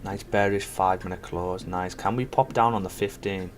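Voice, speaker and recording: Steady in tone and deep-voiced, this man speaks at a moderate pace. He offers casual live commentary on his forex trading, thinking things through aloud and chatting with viewers on the stream.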